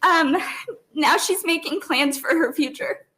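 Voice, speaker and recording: A woman's voice: high voice, moderate pace. A mother giving emotional public testimony at a hearing, apologetic and fighting back tears. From Nebraska. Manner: tearful, apologetic, breaking up at times.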